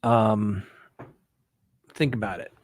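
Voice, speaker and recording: A man's voice: fairly low pitch, steady tone, takes it slowly, slight background noise. A man hosting a live show as a criminal defense attorney, talking casually in a folksy way with frequent "right?" asides. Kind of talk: casual live-stream talk.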